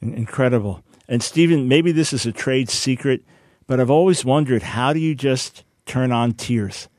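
A man's voice: mid-range voice, normal speed, a little mellow, dry recording. A man hosting a radio talk show from his studio, interviewing guests with enthusiasm.

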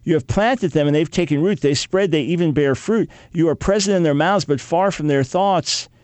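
An older man in his sixties teaching a sermon, reading Bible verses and acting out dialogue with God in an animated way. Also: a little high, normal speed, dry recording.

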